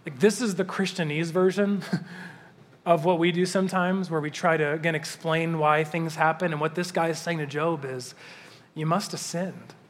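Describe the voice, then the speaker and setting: A man with a high voice preaches to a congregation, loose and conversational. He slows down and leans into each passage he reads aloud. His voice rings out with a long reverb, as in a large church hall. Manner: conversational, animated, slows down to read scripture. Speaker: pastor. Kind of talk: sermon.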